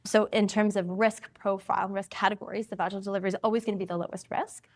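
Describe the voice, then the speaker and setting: Fast-talking woman physician explaining clearly. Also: medium pitch, flat delivery, a little mellow. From Canada. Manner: explanatory, fast, laughs easily. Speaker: family physician guest. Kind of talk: interview conversation.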